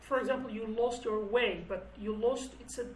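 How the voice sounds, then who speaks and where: A woman's voice: fairly high pitch, steady tone, moderate pace, echoey room, far from the mic, slight background noise, rough recording. A woman whose first language is Kurdish, explaining song lyrics word by word in English as a teacher, thinking aloud and restarting her phrases.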